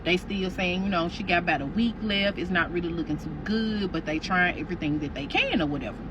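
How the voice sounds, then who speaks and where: A woman's voice: fairly low pitch, fast talker, dull audio, background noise. A woman telling a story in a casual, slangy, profane way, speaking to the listener as "you".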